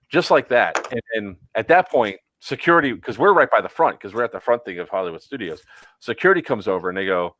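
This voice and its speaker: A man's voice: on the low side, lively intonation, fast talker, a bit bright, dry recording, poor audio. A man co-hosting a casual chat, telling a story with many fillers and acted-out quotes. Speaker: podcast co-host.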